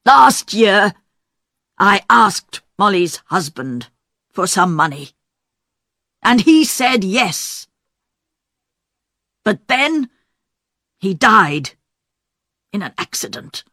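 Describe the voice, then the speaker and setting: A woman's voice: medium pitch, very animated, extremely slow, long pauses, sharp tone, no room sound, studio quality, exaggerated voice. A woman voicing an indignant middle-aged man in an audiobook. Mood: angry. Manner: defensive, indignant.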